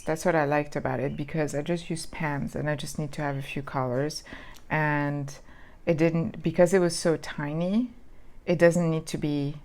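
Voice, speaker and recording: A woman chatting casually as she flips through old planners, rambling with lots of ums and restarts. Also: deep voice. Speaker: planner vlogger. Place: lives in Southern California.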